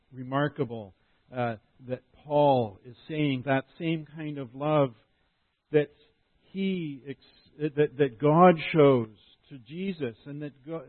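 A male pastor delivers an earnest, explanatory sermon, his voice sitting a little high for a man. The sound is narrow and tinny, like a phone line, and very dry with no room around it. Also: no echo. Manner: earnest, explanatory preaching with frequent restarts.

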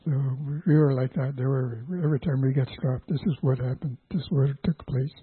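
Older man, husky voice, halting personal testimony, pauses and restarts, tinny phone-like sound. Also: medium pitch, fairly even intonation, no room sound. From Canada, Vancouver Island. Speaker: church guest giving testimony. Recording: tinny phone-like dry recording.

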